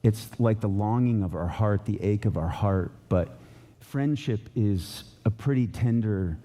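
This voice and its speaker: A middle-aged man preaches in a casual, rambling way into a stage mic in a church. His voice sits low and sounds very dark and mellow. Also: measured pace. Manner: casual, loose, with fillers and restarts. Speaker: pastor. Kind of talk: conversational sermon. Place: church auditorium.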